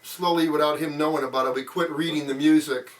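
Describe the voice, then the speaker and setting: Quick and steady in tone, with a voice a little high, this man in his sixties rambles through stories of his childhood for a casual interview. He uses lots of fillers and acts out quoted lines, and he's positioned a bit far from the mic.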